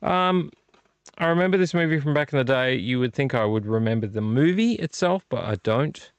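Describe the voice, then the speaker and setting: A man's voice: medium pitch, animated, brisk, clear, resonant tone, lo-fi sound. A middle-aged man hosting a casual late-night vlog from a room at home, rambling and thinking aloud as he looks over discs. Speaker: vlog host.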